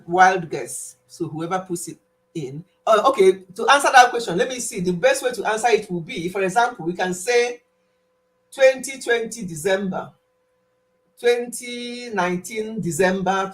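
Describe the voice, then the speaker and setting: A woman's voice: medium pitch, moderate pace. A woman, hosting a casual live stream quiz and playfully scolding a viewer in a chatty way. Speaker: livestream host.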